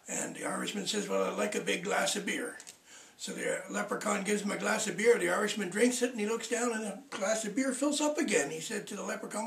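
A man's voice: high-pitched, fairly quick, gravelly, fairly bright tone. A man from Canada telling jokes to the camera in a folksy way, laughing at his own punchlines. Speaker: comedian. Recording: roomy, from off the mic.

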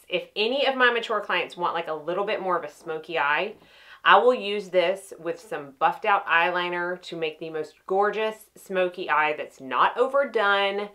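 Bright-voiced chatty woman. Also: lowish voice. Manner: chatty and enthusiastic, often restarting sentences. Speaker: makeup artist reviewing her palettes. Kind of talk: casual chat to camera.

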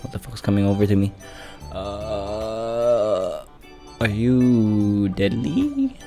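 Young male gamer, slow and low, goofy, sweary play-by-play. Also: sing-song, mellow, soft background music. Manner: rambling, goofy, swears a lot, sing-song exclamations. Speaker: gaming YouTuber. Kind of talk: casual gameplay commentary.

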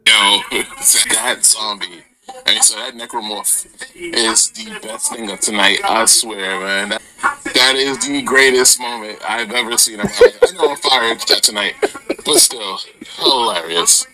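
A man's voice: fairly low pitch, animated, unhurried, gravelly. A man reacting with amused laughter, heard from a distance with crowd noise behind him.

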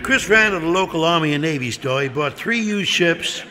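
Animated male comic telling a story. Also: fairly high pitch, normal speed, in a large hall, a faint crowd. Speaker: comedian. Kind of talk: stand-up comedy storytelling.

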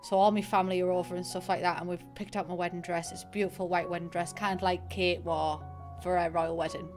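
A woman's voice: fairly low pitch, flat delivery, quick pace. Young northeast english girl streaming, chatty rambly storyteller, bit of piano music in the back. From northeast England. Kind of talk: casual gaming stream chat. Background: faint piano music.

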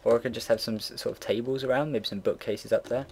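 This young man in his late teens talks fast in a mid-range voice with a steady tone, with slight background noise. He rambles and swears casually while narrating a computer build as casual gameplay commentary, keyboard typing and mouse clicks going on behind him.

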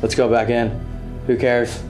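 An excitable man talks his way through a ghost hunt in an old hospital at night, his voice sitting at a middle pitch. He reacts fast, curses casually and cuts across his partner. Music plays under his voice. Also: poor audio. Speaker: paranormal investigator. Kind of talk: casual ghost-hunting vlog.

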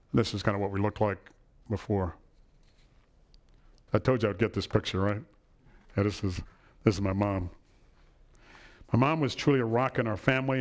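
Middle-aged guy giving a lecture, lowish voice, chatty, keeps asking right?. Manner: warm storytelling, asks "right?" often. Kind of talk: personal lecture to an audience. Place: lecture hall with an audience.

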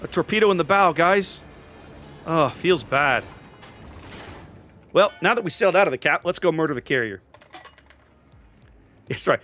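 A man with a bright, fairly high voice talks through his gameplay with a lively, swinging pitch. He cracks sarcastic jokes and throws in mock-theatrical asides as he plays, with faint music running underneath. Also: moderate pace, long pauses. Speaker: gameplay commentator. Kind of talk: casual gameplay commentary.

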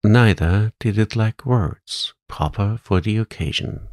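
A man reading a classic story aloud in a calm, soothing, soft-spoken bedtime manner. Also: low voice, unhurried, gravelly, few pauses, no echo, studio quality. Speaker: audiobook narrator.

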